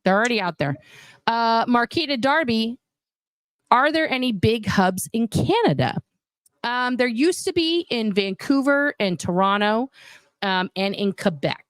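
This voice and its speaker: A woman chatting as a guest on a livestream, animated and reading viewer comments aloud. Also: fairly high pitch, a little slow, no room sound. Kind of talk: casual livestream chat.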